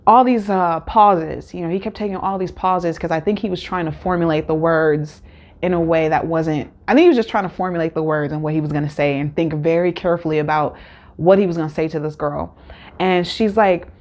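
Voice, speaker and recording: A woman hosting a casual solo recap, talking candidly with many fillers and acted-out quotes. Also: on the low side. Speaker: show recap host.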